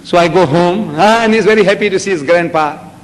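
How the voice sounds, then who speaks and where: Speaking fairly quickly in a high-sitting voice, an older man with a South African Indian accent delivers an Islamic lecture to a public audience. His storytelling is animated, full of acted-out voices and shouts that climb in volume. Faint background noise hangs in the echoey hall.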